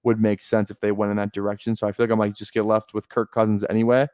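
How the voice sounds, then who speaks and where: A man's voice: on the low side, level tone, fast talker, a little mellow, smooth, dry recording. Chatty young man with a dry, close sound. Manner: thinking aloud, chatty, frequent restarts. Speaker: fantasy football streamer. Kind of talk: casual live-stream commentary.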